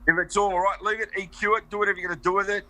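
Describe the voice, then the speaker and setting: A man's voice: high voice, level tone, racing, pushed and bright, poor audio. A man from Melbourne with an Australian accent, a chatty, bossy, rambling guest in a casual interview. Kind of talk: casual chat.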